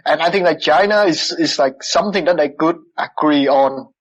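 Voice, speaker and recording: A man in casual podcast chat, relaxed and reflective. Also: a little high, normal speed, poor audio.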